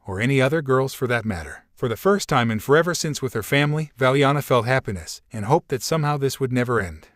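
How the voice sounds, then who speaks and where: A man narrating a fan story in an even, flat reading. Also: medium pitch, no room sound, clean studio sound.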